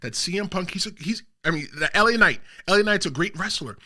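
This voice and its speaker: A man hosting a casual podcast, talking emphatically and cutting in on his co-hosts. His voice sits high and rings with a very bright, forceful edge. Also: lively intonation, quick pace. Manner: emphatic, talks over others, reads chat aloud. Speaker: podcast host and wrestler.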